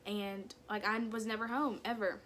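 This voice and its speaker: A woman's voice: mid-range voice, flat delivery, normal speed, slight background noise. A young woman vlogging a candid personal story in casual speech, full of "like" and "kinda" fillers. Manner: candid, soft-spoken about hard memories.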